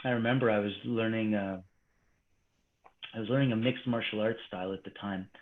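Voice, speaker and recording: A man as an interview guest, telling an animated story and acting out quoted dialogue, his voice swinging between hushed and excited. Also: on the low side, a little fast. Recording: tinny phone-like line.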